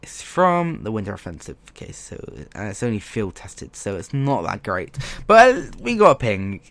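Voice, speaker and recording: A man doing gaming commentary, his voice leaping up and down in pitch as he gets worked up. He swears freely and begs the game for better luck. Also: sing-song, normal speed, fairly bright tone. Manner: frustrated, swearing, pleading with the game. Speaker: gaming YouTuber. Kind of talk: let's play commentary.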